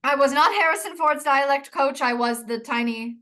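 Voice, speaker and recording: Gentle affirming woman coach. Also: sits high, normal speed. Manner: gentle, affirming, lots of murmured agreement. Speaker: comic dialect coach. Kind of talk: improvised comedy coaching.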